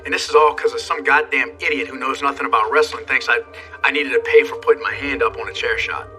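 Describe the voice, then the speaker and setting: A man's voice: medium pitch, fairly even intonation, fast talker, pushed and bright, far from the mic, soft background music. A man, a former wrestler, candidly recounting events in an interview, with blunt profanity. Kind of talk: interview storytelling.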